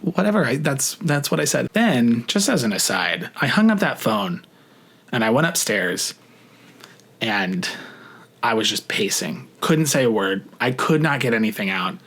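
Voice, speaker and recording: A young adult man casually telling a story to camera, chatty and profane, full of "like" fillers, rushing some phrases and drawing out others. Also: mid-range voice, big pitch swings, fairly bright tone. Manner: shifts between rushed and drawn-out phrasing. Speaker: vlogger.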